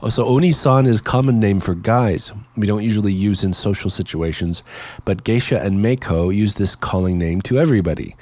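A man's voice: lowish voice, fairly quick, few pauses, warm tone. A man from Canada hosting his podcast in casual, chatty talk, laughing easily and sounding enthusiastic. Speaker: podcast host.

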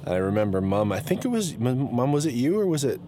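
A blogger with a medium-pitched voice talks briskly and very animatedly in a rambling, casual vlog. He keeps breaking off mid-thought and restarting, and the recording carries loud road noise.

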